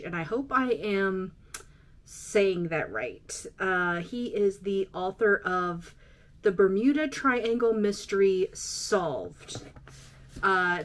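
Woman doing a chill podcast, talks slow, lots of ums and uhs, reads off notes. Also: mid-range voice. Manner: hesitant, many ums and uhs. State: out of breath. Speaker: podcast host. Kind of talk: casual solo podcast reading from notes.

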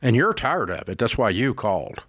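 A man's voice: medium pitch, very animated, normal speed, fairly bright tone, no echo, studio quality. Blunt, folksy male advice-show host. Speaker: radio show host giving financial advice.

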